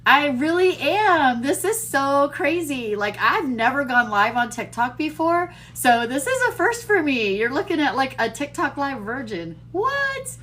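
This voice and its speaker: A high, bright-toned woman in her fifties, talking to her livestream viewers in a bubbly, giddy way. Her voice leaps all over the place while she takes her time with the words, laughing often and poking fun at herself. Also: slight background noise. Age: 50s. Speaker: TikTok livestream host. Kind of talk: casual livestream chat to viewers.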